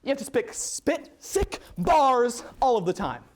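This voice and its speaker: A man's voice: extremely high pitch, very animated, unhurried, heavily acted. A young man playing a famous playwright as a swaggering rapper who rhymes every line. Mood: cocky rhyming. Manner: rhymes everything in a streetwise rap flow. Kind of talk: solo comedy performance.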